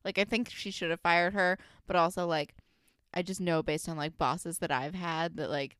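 A young woman co-hosting a casual podcast, talking in an animated, hedging way and laughing often. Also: lowish voice, normal speed, smooth, no room sound, studio quality. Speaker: podcast co-host. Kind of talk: casual chat.

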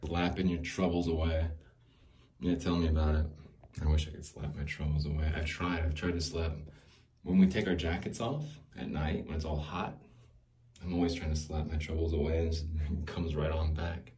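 Male podcast host, 40s, deep warm voice, rambling comic monologue. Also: steady tone, moderate pace, a little hiss or hum. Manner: jokey, rambling, laughs often.

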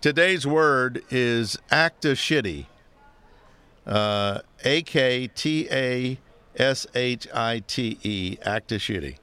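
A man's voice: medium pitch, slow, sharp tone, smooth. Man, wry jokey podcast co-host. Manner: jokey, wry, plays the announcer for sign-offs. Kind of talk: casual podcast chat.

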